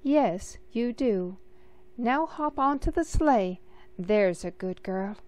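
A confident, elegant aunt from a storybook, as a woman reader puts her on. She talks briskly and affectionately, a little higher than the reader's own voice. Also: animated, a little mellow.

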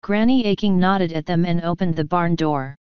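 A woman narrating an audiobook in a steady, even storytelling manner. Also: on the low side, normal speed, clean tone, no room sound, highs cut off.

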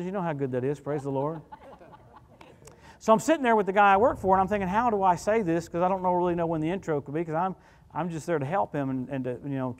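A male guest preacher with a fairly high voice tells stories from the pulpit. He is animated and chatty, throwing quick asides to the congregation. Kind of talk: storytelling sermon. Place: church service.

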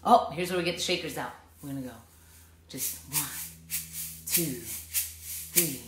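A woman teacher doing an animated, interactive children's read-aloud, coaxing the listeners to join in. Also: low voice, a little slow, very noisy. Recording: echoey room.

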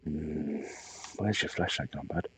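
A man's voice: very deep voice, measured pace, fairly bright tone, slightly rough. A man out of breath, giving jittery live commentary on a horror game, talking to his character and dropping to whispers. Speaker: let's play streamer.

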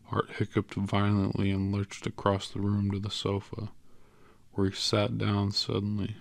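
A man narrating an audiobook in a measured, even way. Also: on the low side, vocal fry, dry recording. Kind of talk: scripted narration.

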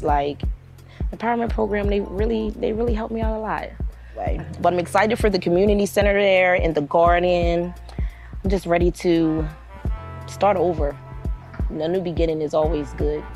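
A woman talking in a documentary interview about moving into a new home, excited and laughing often. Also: fairly low pitch. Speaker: program participant in a video.

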